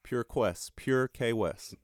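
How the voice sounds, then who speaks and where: A man's voice: medium pitch, slow pace, no echo, clean studio sound. A man who is a father and rapper, speaking as a podcast guest in an earnest, heartfelt way and laughing easily. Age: adult, a father. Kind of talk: casual conversation.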